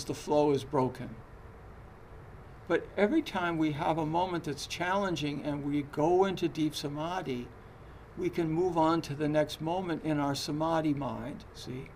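A man's voice: fairly high pitch, slight background noise. A man giving a Zen dharma talk in a conversational, hesitant way, with frequent fillers and restarts. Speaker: Zen teacher.

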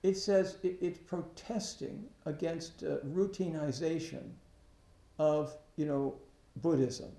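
A man giving a Buddhist dharma talk, halting, often restarting his sentences, and asking rhetorical questions. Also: on the high side, creaky, mellow. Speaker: Buddhist teacher. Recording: echoey room.

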